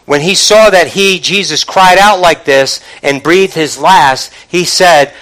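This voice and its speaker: High, bright-voiced male preacher. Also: takes it slowly, few pauses, low-quality recording. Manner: call-and-response preaching, builds to shouting. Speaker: pastor. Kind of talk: sermon.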